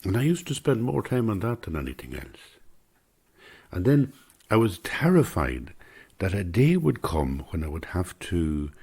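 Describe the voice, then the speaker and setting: An older Irish man telling a personal story in an unhurried, conversational way, dropping to a whisper for quoted voices. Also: sits low, vocal fry, a little mellow, husky.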